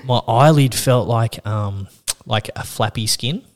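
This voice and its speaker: A man spins a rambling anecdote in casual podcast chat. He swears often and slips into lively impressions of the people he quotes. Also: medium pitch, a little slow, a loud crowd. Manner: animated, swears freely, acts out quoted voices. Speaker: podcast host.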